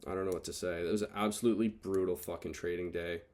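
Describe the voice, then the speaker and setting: A man's voice: low-pitched, steady tone, fast, a little mellow. A man recapping his day trades over charts, frustrated and swearing as he thinks aloud. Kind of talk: casual screen-recorded trade recap.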